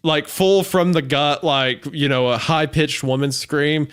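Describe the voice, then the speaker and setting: A man's voice: on the high side, measured pace, fairly bright tone, clear, resonant tone. A man hosting a casual podcast, chatting with many fillers and restarts and laughing often while he reads a spooky story aloud. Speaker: podcast host reading a story. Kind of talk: casual chat and story reading.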